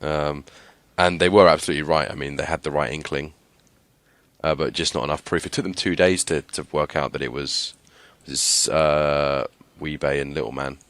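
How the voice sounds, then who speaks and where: A man's voice: rumbling low, fairly even intonation, normal speed, fairly bright tone, no room sound. A young man co-hosting a casual TV recap podcast, chatty, with frequent fillers and laughs. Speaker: podcast co-host.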